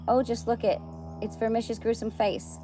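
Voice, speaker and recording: A woman reading aloud, voicing an excitable, shouting male chief of police in a storybook. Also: fairly high pitch, normal speed, music in the background, pitched above the performer's own voice, lightly acted. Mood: alarmed.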